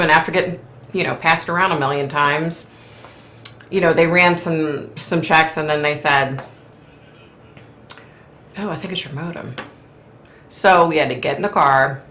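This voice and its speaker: A woman's voice: low-pitched, sharp tone, echoey room. A middle-aged woman hosting a live stream from home, chatting casually in a rambling way and laughing often. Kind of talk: casual chat.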